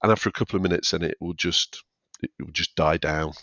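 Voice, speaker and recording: A man's voice: sits low, fast talker, fairly bright tone, no room sound. A man who works as a stand-up comedian, talking candidly and self-deprecatingly as a podcast guest. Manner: candid, self-deprecating, acts out quoted chatter. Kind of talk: conversational podcast interview. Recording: dull dry lo-fi sound.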